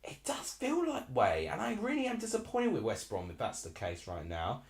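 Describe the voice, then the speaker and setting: A young man in his twenties from Essex hosts a live football watchalong. He rambles in a chatty way and reacts aloud to the match, with a lively, swooping pitch. His voice sits in a roomy space with a noticeable echo. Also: moderate pace, vocal fry. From Essex, England. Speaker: live stream host.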